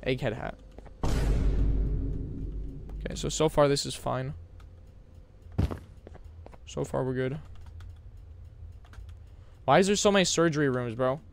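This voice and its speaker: Hyped young male game streamer, gravelly. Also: mid-range voice, a little slow, pauses often, background noise. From America. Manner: loud bursts and shouted hype, then mumbled asides. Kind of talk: live game stream chat.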